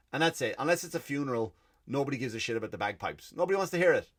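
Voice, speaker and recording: A man's voice: medium pitch, very fast. An Irish man hosting a comedy podcast, telling stories in a swearing, ranting way. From Ireland. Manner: profane, ranting, animated. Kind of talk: comic rant and storytelling.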